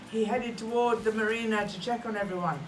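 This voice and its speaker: A woman reads a picture book aloud playfully, occasionally turning to speak to a child who is listening. Her voice is a little high and a little fast, with fairly even intonation, and she's recorded from a distance in a roomy space with a faint hum.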